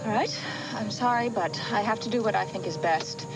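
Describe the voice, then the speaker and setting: A woman's voice: medium pitch, fairly quick, lightly acted. An actress playing a sensible, skeptical but kind young woman in a 1980s TV soap. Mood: reasoning. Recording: TV soundtrack with music underneath.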